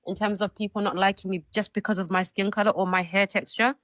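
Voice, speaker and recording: A woman from the UK on a live online panel, speaking fluently and bluntly in a measured way. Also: medium pitch, little pitch movement, fairly bright tone, no room sound. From United Kingdom. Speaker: panel guest.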